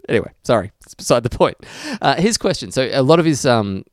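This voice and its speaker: A man's voice: medium pitch, animated, quick pace, no room sound, clean studio sound. An Australian man co-hosting a podcast, rambling and self-mocking in casual chat, laughing often. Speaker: podcast co-host.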